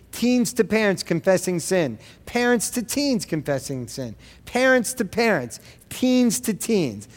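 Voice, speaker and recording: Middle-aged male pastor, slightly high voice, preaching earnestly in a gym with a long echo. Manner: earnest, preachy, with quick asides. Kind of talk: sermon.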